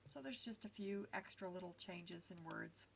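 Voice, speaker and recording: A woman's voice: lowish voice, normal speed, gravelly, slight background noise. A woman teaching a recorded lesson over slides, explaining patiently step by step with frequent small fillers.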